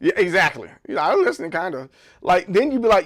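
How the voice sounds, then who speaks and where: A man's voice: high-pitched, big pitch swings, fast. A man streaming live in casual chat, rambling and joking, often repeating words. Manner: joking, playful.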